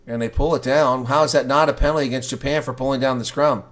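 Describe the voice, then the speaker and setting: A man streaming his own live rugby play-by-play with his pitch in a middling range. He calls the action in a steady voice, then erupts when a play excites or angers him. Between plays he chats back to his viewers. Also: fast. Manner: excitable, swings from calm calling to loud outrage. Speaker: livestream rugby commentator. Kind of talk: live reaction play-by-play commentary.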